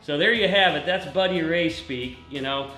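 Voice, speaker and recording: Racing-show host, man, jokey and laughing, slightly high voice, echoey room. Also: moderate pace, pushed and bright, soft background music. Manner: joking, laughs often. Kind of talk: casual chat.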